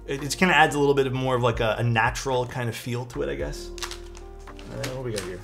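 Speaking fast with a gravelly, mid-range voice and a steady tone, a man unboxes keyboard parts on a live stream. He thanks his chat and muses aloud, with faint music in the background.

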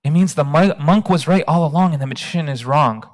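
A man doing a humble young boy who sounds wide-eyed and excited, with a rather high voice. The hall gives it a long reverb. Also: fairly quick, natural voice. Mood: amazed.

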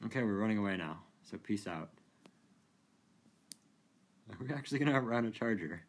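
A man giving casual, amused commentary while playing a racing game, chatty and quick to laugh. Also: fairly low pitch, lively intonation. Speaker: gaming video creator.

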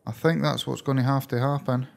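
A Scottish man commentating his own gameplay in a gravelly, creaky voice. He talks to his viewers casually and keeps bursting into excited, surprised outcries. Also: mid-range voice, fairly quick. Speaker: gaming channel host. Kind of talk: let's play gameplay commentary.

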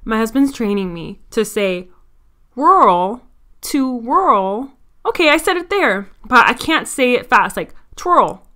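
A woman's voice: on the high side, animated, moderate pace, few pauses, sharp tone. A woman with a Miami accent hosting her own podcast, talking in a chatty, candid and self-mocking way. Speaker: podcast host. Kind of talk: casual solo podcast talk.

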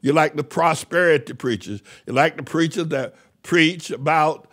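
An older man preaching a fiery sermon as pastor, shouting, mocking and repeating phrases over and over. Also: on the high side, moderate pace. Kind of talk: fiery street-style sermon.

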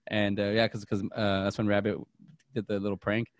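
A man's voice: on the low side, little pitch movement, a little fast, no echo, clean studio sound. A young man chatting casually about movies on a podcast, rambling with many restarts and fillers. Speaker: podcast co-host.

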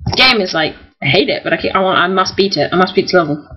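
A young man, excitably commentating his own gameplay, often swearing and shouting at the game. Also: high-pitched, fast, slightly rough, muffled recording. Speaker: gamer.

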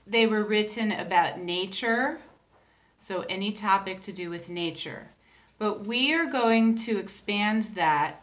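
A woman's voice: medium pitch, fairly bright tone. A woman teacher giving a recorded lesson, talking patiently and counting out syllables step by step. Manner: slow, patient, spells out syllables.

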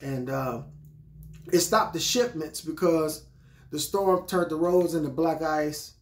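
A man's voice: a little high, slow. A man giving a casual sneaker review, talking straight to his viewers. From Texas. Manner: chatty, keeps addressing viewers as y'all. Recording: echoey room.

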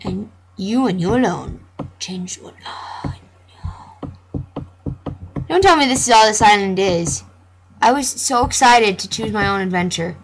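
A woman's voice: mid-range voice, lively intonation, unhurried, gravelly, pauses often. A young woman playfully commentating a computer game, joking and reading the dialogue aloud. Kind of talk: gameplay commentary.

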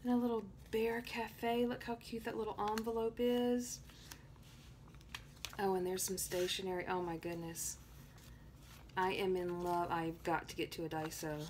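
A woman from Tennessee gushing excitedly as she opens happy mail at home in a casual vlog. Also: fairly low pitch, normal speed, pauses often, a little hiss or hum. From Tennessee, USA. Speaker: planner vlogger.

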